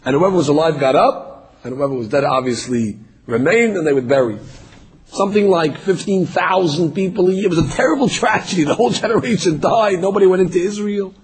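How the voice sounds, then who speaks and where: Raspy-voiced guy teaching a torah class, pitch goes up when he acts out quotes, kinda high voice. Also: animated, a little fast, low-quality recording. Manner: storytelling, acting out quotes with rising pitch. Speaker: rabbi giving a Torah class. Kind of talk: sermon-style Torah lecture. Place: synagogue.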